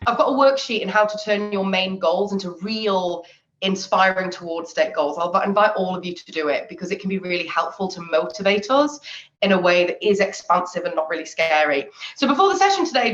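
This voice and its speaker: A chatty woman, leading a lively online confidence workshop and laughing often. Her voice sits at a middle pitch. The recording is dull and lo-fi, with a roomy echo. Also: fairly quick. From England. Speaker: confidence trainer. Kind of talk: live online workshop talk. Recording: echoey, dull lo-fi audio.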